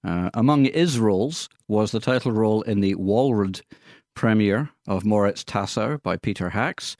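A male radio co-host reading out film news in casual chat, halting with many fillers and stumbling over foreign names. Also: on the low side, darkish tone, no room sound, studio quality. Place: radio studio.

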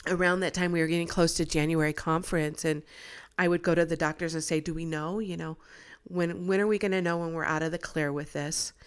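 Woman telling a faith story, lively. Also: low-pitched, fairly quick, few pauses, smooth. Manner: animated, acts out quoted voices. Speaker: guest sharing a testimony. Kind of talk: casual storytelling.

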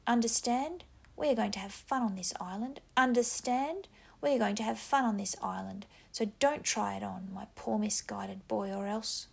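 Lord of the Flies, a gravelly, breathy, whispered, mocking pig's head voiced by a woman. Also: medium pitch, normal speed, a little mellow, full character voice. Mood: threatening. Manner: taunting, patronizing, rising to angry threats. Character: menacing talking pig's head, mocking schoolmaster. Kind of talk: whispered reading.

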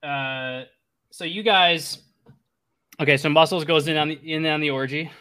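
A young man narrating as game master, halting and restarting often as he talks. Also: on the high side, steady tone, sharp tone, clean tone. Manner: halting, many restarts and fillers.

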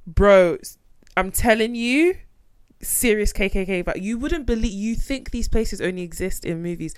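A woman podcast co-host from a second-generation Nigerian immigrant family, chatting casually about a documentary in a blunt, animated way and swearing freely. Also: mid-range voice, moderate pace, clear, resonant tone, no echo. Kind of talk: casual chat reviewing a documentary.

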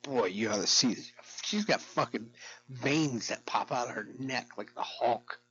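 A man's voice: mid-range voice, measured pace, fairly bright tone, dull audio, slight background noise. A middle-aged man vlogging in a rambling, profane, darkly joking monologue to camera.

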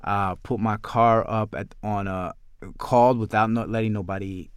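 New male filmmaker, low smooth voice, chatty storyteller who restarts often. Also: normal speed, dry recording, clean studio sound. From New York. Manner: rambling, animated, many restarts. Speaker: filmmaker guest. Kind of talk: casual interview storytelling.

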